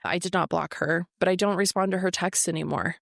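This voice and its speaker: Recorded in an office with no echo and studio quality, this forties-aged podcast host talks a little fast in a lowish, creaky, fairly bright voice with fairly even intonation. Her solo monologue is candid and confessional, and she swears freely.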